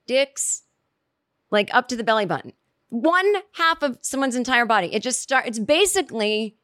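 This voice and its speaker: A woman hosting a podcast, telling a comedic story in a rambling, animated way and voicing her own asides. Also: fairly high pitch, dry recording, studio quality. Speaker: podcast host. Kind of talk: comedic monologue.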